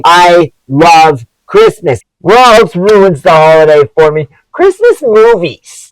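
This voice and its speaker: A man's voice: fairly high pitch, smooth, no room sound, rough recording. A man reviewing movies in a profane, sarcastic comedic rant. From Canada.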